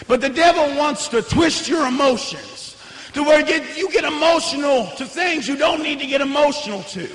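A young man preaching a fiery revival sermon in a church, hollering and swinging between hushed lines and shouts. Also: very high voice, expressive, normal speed. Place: church sanctuary. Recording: echoey church hall with long reverb.

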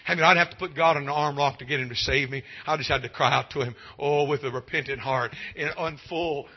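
A man preaching a revival sermon, swinging from hushed pleading to loud exclaiming and stretching out key phrases. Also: a little high, fairly even intonation, fast talker, husky. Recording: dull lo-fi sound.

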